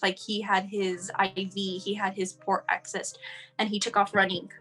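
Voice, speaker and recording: A woman's voice: mid-range voice, level tone, normal speed, fairly bright tone, faint music behind. A woman sharing her son's story as a guest, talking casually and running on with "like" and "you know".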